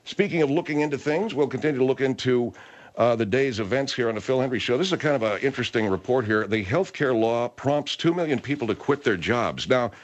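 A man's voice: medium pitch, lively intonation, fast, muffled recording. A man hosting a radio talk show, rambling and hesitant as he chats. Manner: rambling, hesitant, lots of restarts.

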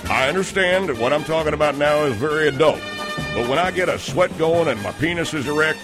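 A man voicing a crude, rambling male color commentator in an improvised comedy sportscast, talking low and deadpan about oversharing things. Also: fairly quick, over music, close to an everyday voice.

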